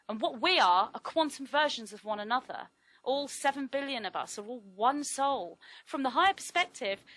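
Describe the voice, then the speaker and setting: A middle-aged woman giving a reflective spiritual talk, speaking in a measured, deliberate way with trained vocal projection. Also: on the high side, a bit bright, no room sound, rough recording.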